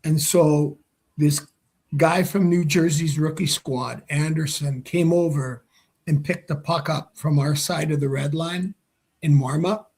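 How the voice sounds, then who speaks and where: A man with a slightly higher-than-usual voice spins a rowdy story in an interview. He acts out every line of dialogue and swears freely as he goes. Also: fairly even intonation, measured pace, a little mellow. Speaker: former hockey player, guest.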